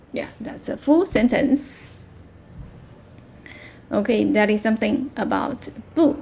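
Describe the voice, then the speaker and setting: A woman with a Mandarin Chinese accent teaching a language lesson, patiently repeating words slowly with clear tones. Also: fairly high pitch, a little mellow.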